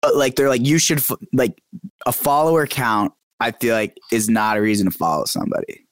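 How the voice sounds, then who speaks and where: A man's voice: medium pitch, lively intonation, fairly quick, no room sound, studio quality. A young man, a podcast guest, chatting casually and animatedly, full of "like" and "dude". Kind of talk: casual chat.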